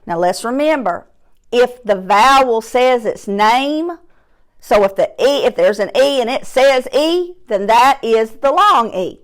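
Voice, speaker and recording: A woman teaching a phonics lesson to young children, stretching out sounds and words slowly and clearly while seated at her desk. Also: a little high, animated. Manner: slow, drawn-out sounds, emphatic. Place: classroom or home desk, seated in chair.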